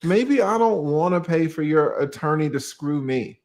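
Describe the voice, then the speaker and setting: A man's voice: on the high side, expressive, moderate pace, a little mellow. A man with a Southern accent from Georgia, an attorney guest in a casual livestream chat, laid-back and asking rhetorical questions.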